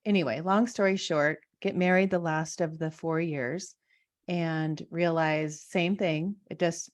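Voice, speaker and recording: A woman's voice: sits low, fairly even intonation, unhurried. A woman in her thirties hosting an interview, chatting personally with lots of fillers and restarts. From Washington state. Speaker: host. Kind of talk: casual conversational interview.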